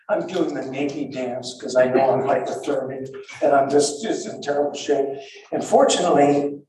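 Older man, halting, booming echo. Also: dark tone, a little hiss or hum. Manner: halting and breathless, with frequent restarts and repeats. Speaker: survivor telling his story. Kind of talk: spoken first-person recollection. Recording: very echoey and far from the mic.

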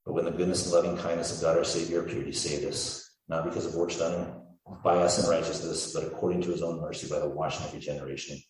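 A low-voiced man preaches in a church, his voice booming around a very echoey sanctuary. He stands away from the microphone, so his words sound distant. He reads scripture with earnest, swelling emphasis. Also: little pitch movement, quick pace, hardly any pauses. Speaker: pastor. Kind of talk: sermon. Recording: echoey hall, speaker far from mic.

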